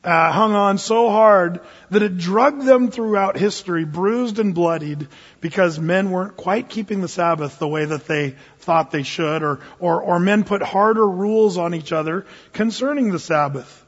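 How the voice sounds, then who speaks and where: Male pastor, high husky voice, folksy storytelling sermon, dull recording, long hall reverb. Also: moderate pace. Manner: folksy storyteller, many fillers and restarts.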